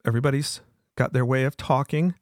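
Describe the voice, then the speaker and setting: A man's voice: medium pitch, steady tone, a little fast, a little mellow, no room sound, studio quality. A middle-aged man from the American South hosting his own show in an earnest, emphatic monologue that often repeats itself. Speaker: podcast host.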